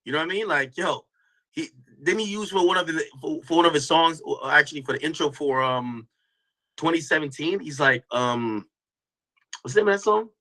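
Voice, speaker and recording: A man's voice: on the high side, normal speed, pushed and bright, rough recording. A man hosting a casual commentary stream, talking loosely to his chat with lots of restarts and slang. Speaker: host reacting to a stream clip.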